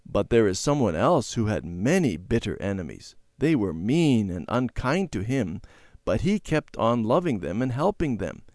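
A man voicing a patient mother calmly explaining things in a children's storybook reading. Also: on the low side, normal speed, no room sound, studio quality. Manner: calm, explaining. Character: patient mother, gentle teaching voice.

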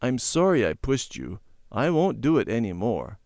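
A man's voice: mid-range voice, sing-song, normal speed, a little mellow, dry recording. Man doing a sulky boy, muttering, grudging, storybook voice, dry close sound. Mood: delighted. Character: gruff boy neighbor, rough and sulky.

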